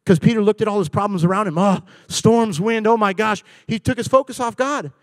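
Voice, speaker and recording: A man in his forties preaches with a high, bright-pitched voice that is recorded dry and close, with little room sound. He acts out voices in his stories, swinging from playful to hushed and earnest. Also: fairly quick, no echo. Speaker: pastor. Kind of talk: sermon. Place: church.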